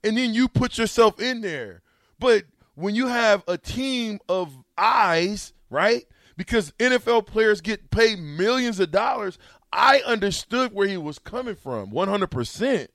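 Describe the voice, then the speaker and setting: A man hosting a sports talk show, mocking a clip with laughter and loud asides. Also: sits high, lively intonation, unhurried, no echo, studio quality.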